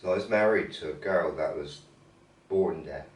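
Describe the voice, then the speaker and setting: A man with a very low, deep voice muses on a podcast, tacking tag questions onto his thoughts. He sounds far from the mic in an echoey room with faint hiss behind him. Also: moderate pace. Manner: musing, ends points with tag questions. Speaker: podcast co-host. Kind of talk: casual chat.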